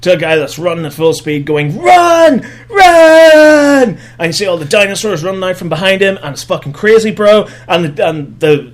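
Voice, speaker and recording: A young man hosting a podcast, giving a sarcastic, profane comedic recap of a film and slipping into mock voices for the characters. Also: a little high. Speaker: podcast host.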